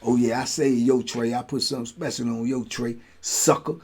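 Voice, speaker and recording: A man voicing a scrawny male inmate who quietly gloats and taunts another prisoner through a cell door. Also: fairly even intonation, normal speed, gravelly, husky. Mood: gloating. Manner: low, muttered, gloating taunts.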